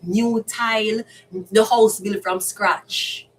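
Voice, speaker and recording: A woman's voice: medium pitch, fairly even intonation, slow pace. A woman with a Jamaican accent, a tarot card reader, ranting bluntly and with lots of swearing in a casual monologue. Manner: blunt, profane, heated. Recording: distant mic, faint background noise.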